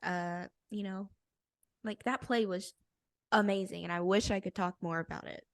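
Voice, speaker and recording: A woman's voice: medium pitch, steady tone, normal speed, gravelly, no echo, studio quality. A young woman co-hosting a podcast, telling a story in casual chat, bubbly and laughing often. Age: young adult. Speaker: podcast co-host.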